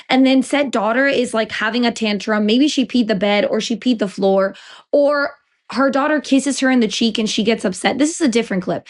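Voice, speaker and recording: A woman in a clip making an earnest argument through a long hypothetical. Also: a little high. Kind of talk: explanatory commentary clip.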